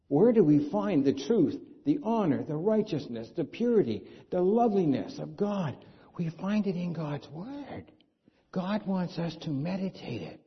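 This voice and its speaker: Husky-voiced man preaching a sermon. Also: high voice, sing-song, unhurried. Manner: conversational preaching with rhetorical questions. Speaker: pastor. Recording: dull lo-fi sound.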